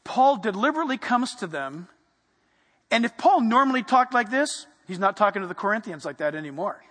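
A man preaching a sermon, animated and playful, dropping to a hush for emphasis. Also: very high voice, brisk, big-room sound. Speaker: pastor.

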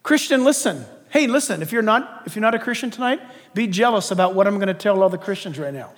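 An older man and pastor preaching a sermon, impassioned, swinging between shouted emphasis and quiet, chatty asides. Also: sits high, lively intonation, quick pace, long reverb tail.

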